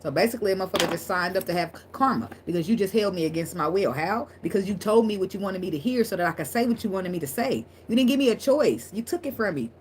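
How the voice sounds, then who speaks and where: A woman's voice: medium pitch, animated, fast, hardly any pauses, a little hiss or hum. A woman giving a casual tarot reading to her viewers, talking bluntly with plenty of swearing and laughter. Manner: blunt, profane and laughing, talks straight to viewers. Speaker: tarot reader.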